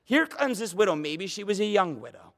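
A man preaching from the pulpit, his fairly high voice rising into emphatic, passionate runs before dropping back into easy conversational asides. His delivery is a midweek church sermon, and the sound carries a long hall reverb. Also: lively intonation, fairly quick, a bit bright. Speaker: pastor.

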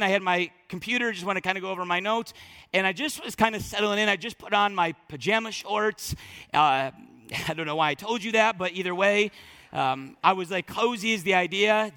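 A middle-aged man, a pastor, giving a sermon in a church and telling personal stories in a conversational way, acting out the people he quotes. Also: sits high. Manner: conversational storytelling, animated quoted voices. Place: church sanctuary. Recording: long reverb of a large hall.

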